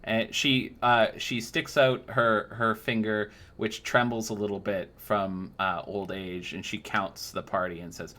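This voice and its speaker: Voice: low-pitched, little pitch movement, a little slow, few pauses, sharp tone. A game master narrating a tabletop game in a loose, playful way with frequent fillers.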